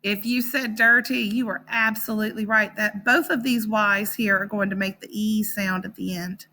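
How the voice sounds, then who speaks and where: A woman teaching a phonics lesson to young children, sounding out words slowly and encouragingly. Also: mid-range voice, steady tone, bright, forceful tone.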